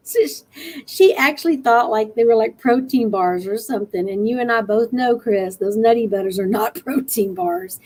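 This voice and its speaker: A woman's voice: a little high, normal speed, darkish tone, poor audio. Tired, earnest woman host urging listeners on. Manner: earnest and encouraging, laughs easily. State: tired after a long night. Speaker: show host. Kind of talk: motivational live-stream talk.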